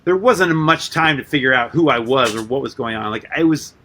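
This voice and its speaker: A man guest on a radio interview, telling rambling stories in a loose, animated way, full of "like" and casual swearing. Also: mid-range voice, a little fast, slight background noise. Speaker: guest artist and musician.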